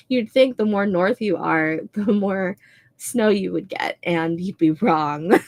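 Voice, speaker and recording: A young woman from the American Midwest, with a Minnesotan accent, hosts a writing livestream and reads chat in a casual way. Her medium-pitched voice takes things slowly, chatty and loaded with "like" and "um," and she laughs often.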